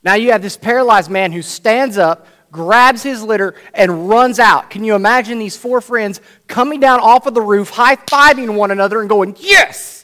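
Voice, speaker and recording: High-voiced male preacher telling a story. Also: normal speed, few pauses. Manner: animated, acts out the scene, frequent "right?". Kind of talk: sermon storytelling.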